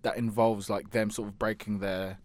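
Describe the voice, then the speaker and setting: Low-voiced man in loose chat. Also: level tone, moderate pace, no echo. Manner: swearing, rambling with restarts. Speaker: podcast co-host. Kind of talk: casual chat.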